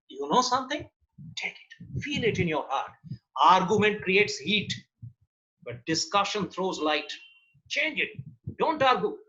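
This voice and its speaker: Emphatic workshop speaker. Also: male voice, high voice, pushed and bright. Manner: emphatic, repeats words for effect. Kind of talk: motivational workshop talk. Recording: dull lo-fi recording.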